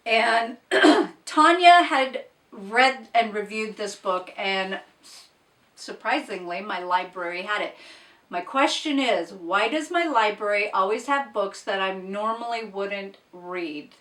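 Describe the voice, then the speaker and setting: Slow, bright-voiced woman reviewing books. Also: on the high side, recorded from a distance. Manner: opinionated, blunt asides. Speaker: book reviewer. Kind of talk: casual book wrap-up chat. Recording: echoey room, off-mic.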